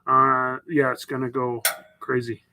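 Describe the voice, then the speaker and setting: This man from northern Canada's Northwest Territories hosts a relaxed live stream, wandering through chatter as he reads messages from viewers. He speaks in a mid-range voice with little pitch movement, a little slowly, over background noise.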